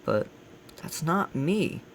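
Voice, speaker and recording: A man with a gravelly voice hosting a casual let's play, giving blunt, grumbling critique as he plays. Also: a little high, sing-song, slow pace, slight background noise. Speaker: gaming channel host.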